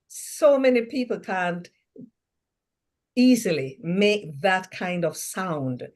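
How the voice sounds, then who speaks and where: A woman talking on a panel, lively and acting out phrases as she explains. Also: fairly low pitch, slow pace. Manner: lively, laughs, acts out phrases. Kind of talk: panel discussion.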